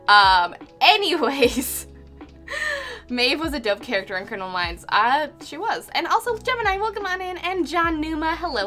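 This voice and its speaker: A woman's voice: a little high, sharp tone. A young woman streaming live while painting, chatting casually, reading out chat messages with lots of fillers and little laughs.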